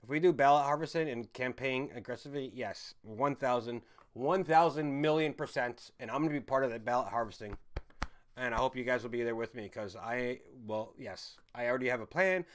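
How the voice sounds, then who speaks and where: A man talks casually to his livestream chat in a loose, rambling way. His voice sits at an ordinary middle pitch. He swears freely and breaks into laughter often. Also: brisk. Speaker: livestream host reading viewer chat. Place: home in a city.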